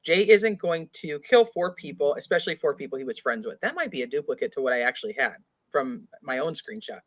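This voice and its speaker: With a low voice and lively intonation, a woman talks a little fast while hosting an informal true-crime discussion. She reads comments aloud and rambles, using "like" over and over; the sound quality is dull and lo-fi.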